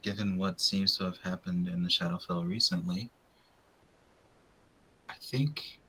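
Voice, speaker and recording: A man playing in a tabletop game, speaking as his character in a measured way. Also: low voice, sharp tone, husky, rough recording. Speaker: player.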